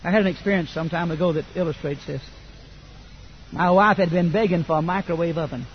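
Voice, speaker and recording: An older man, preaching a sermon that swings from quiet asides to loud fervent declaration. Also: on the high side, a little fast, dull audio, a little hiss or hum.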